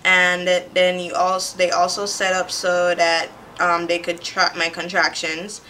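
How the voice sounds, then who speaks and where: A young woman from Jamaica talks straight to her camera, telling a long personal story. Her voice sits a little low but sounds bright and forward. She keeps it chatty and animated, slipping into quoted voices of the people in her story. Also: a little slow, slight background noise. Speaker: vlogger. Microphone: camera mic.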